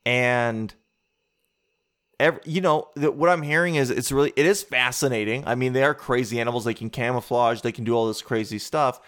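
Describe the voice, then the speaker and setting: A man doing an observational stand-up routine, rambling and conversational, interrupting himself and climbing higher in pitch as he riffs. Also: moderate pace, a bit bright. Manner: rambling, conversational, self-interrupting, rises in pitch when riffing. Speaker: stand-up comedian.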